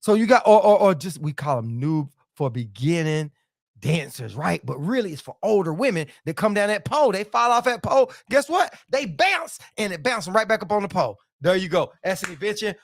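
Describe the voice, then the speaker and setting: A man's voice: sits high, big pitch swings, a little fast, dry recording, studio quality. A middle-aged man hosting a casual livestream, reading viewer comments aloud and joking, with a playful manner and frequent repeated phrases.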